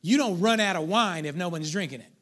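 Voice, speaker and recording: A man's voice: sits high, fast, fairly bright tone. A man preaching a sermon as pastor, conversational and playful, calling out to the congregation.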